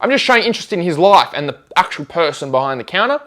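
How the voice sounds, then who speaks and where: A man talks fast in a fairly high, very lively voice, telling stories in a relaxed chat. He acts out the back-and-forth of conversations as he goes. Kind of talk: casual storytelling chat.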